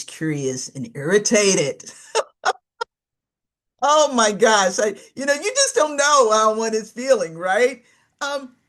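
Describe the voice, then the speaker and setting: A woman giving a live webinar training, talking in a conversational teaching manner and often checking in with "right?" asides. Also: mid-range voice. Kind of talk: live online training presentation.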